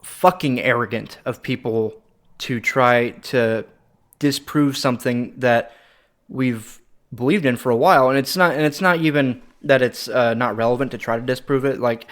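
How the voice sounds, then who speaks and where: A young American man co-hosting a podcast, ranting in casual chat with heavy swearing and sudden animated outbursts. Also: medium pitch, normal speed. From United States. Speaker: podcast co-host.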